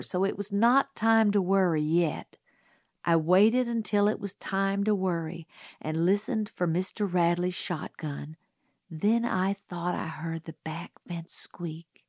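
A woman reading a novel aloud in first person, measured and unhurried. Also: on the low side, a little mellow, no room sound, studio quality. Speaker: audiobook narrator. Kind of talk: scripted first-person narration.

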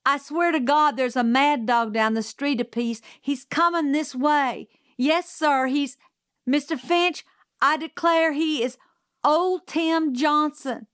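A woman reading aloud who voices a brisk, no-nonsense housekeeper in a storybook, firm and loud. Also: on the high side, no echo, studio quality, pitched above the performer's own voice, close to an everyday voice. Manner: firm, scolding, calls out loudly.

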